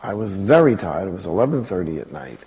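Raspy man, priest telling a story. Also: sits low, sing-song, fast talker, darkish tone, big-room sound, rough recording. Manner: conversational, wry, anecdotal. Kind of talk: storytelling sermon.

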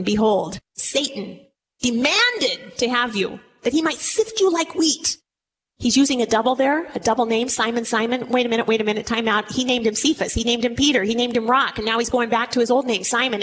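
A woman's voice: on the high side, a bit bright, slight background noise, low-quality recording. A woman giving a conversational Bible lesson, often putting rhetorical questions to her listeners. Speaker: Bible teacher.

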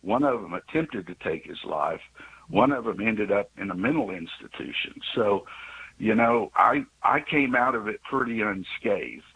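A man in his sixties with a low, husky voice. He calls in and tells a personal story in an earnest, rambling way, restarting his sentences as he goes. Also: expressive, a little slow, highs cut off. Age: 60s. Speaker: caller.

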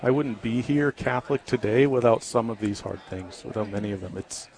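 A man guesting on a talk radio interview, speaking earnestly and haltingly with many ums and restarts. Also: fairly low pitch, fairly even intonation, darkish tone. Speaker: guest, ministry founder.

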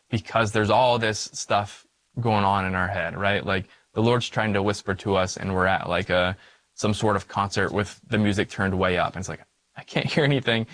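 Priest giving a relaxed teaching talk: a man with a lowish voice, conversational, recorded dry. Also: no room sound. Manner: conversational, frequent "like" and "right?" fillers.

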